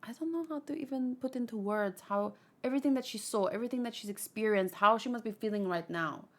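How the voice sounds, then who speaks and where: A woman's voice: on the high side, fast talker, a bit bright. A woman hosting a manga read-along, reading a comic aloud and adding emotional, rambling commentary.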